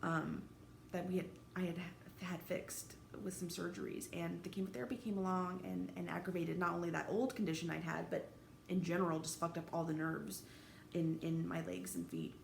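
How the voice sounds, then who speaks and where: Woman, 30s, vlogger, gravelly, raw, halting, roomy room echo with faint background noise. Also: lowish voice. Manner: halting, candid, swears freely, emotionally raw. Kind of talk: personal vlog monologue.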